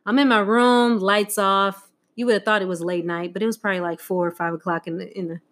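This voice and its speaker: A woman's voice: mid-range voice, flat delivery, a little fast, a bit bright. A middle-aged woman telling a heartfelt personal story about her mother, candid and laughing often. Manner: candid, laughing often, acting out quoted voices. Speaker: guest sharing a Mother's Day tribute.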